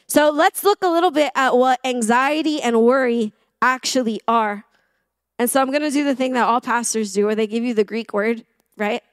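A woman who teaches English delivers a chatty, conversational sermon in a slightly high voice on a dry recording. She often poses questions to the room and pokes fun at herself.

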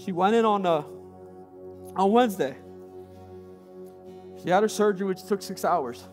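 A man's voice: sits high, normal speed, soft background music. A man preaching a sermon as a pastor, building passionate, repetitive cadences.

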